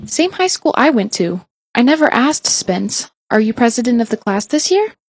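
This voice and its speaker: A woman's voice: fairly high pitch, big pitch swings, moderate pace, no room sound, voice pushed up. A prim, smug young woman, voiced by a woman reader in an audiobook. She coos in a slightly raised voice, sweet on top and condescending beneath. Close, dry sound. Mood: cooing.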